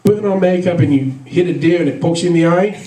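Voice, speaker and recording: A man's voice: high-pitched, fast, dark tone, echoey room, distant mic, low-quality recording. A man doing a stand-up comedy set, rambling through stories with lots of fillers and laughs at his own jokes. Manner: rambling, filler-heavy storytelling with frequent laughs.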